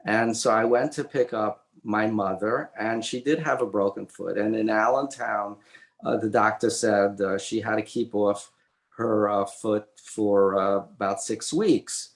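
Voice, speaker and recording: An older man, an author and illustrator, telling a personal story as an interview guest in a halting way with many fillers and restarts. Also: fairly low pitch, steady tone. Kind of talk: conversational storytelling. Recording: roomy echoey audio.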